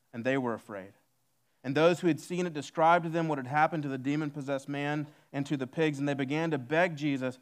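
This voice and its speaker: A male pastor preaching a sermon, reading scripture aloud and slowing down to stress key lines. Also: medium pitch. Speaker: lead pastor.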